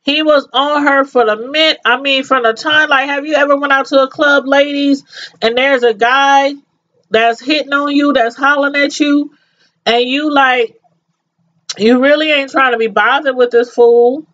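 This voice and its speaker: A middle-aged woman vlogger comments on the news in a high, slightly bright voice with fairly even intonation and normal speed. She's emphatic and slangy, speaks straight to viewers, and repeats phrases for effect, all on dull, lo-fi sound.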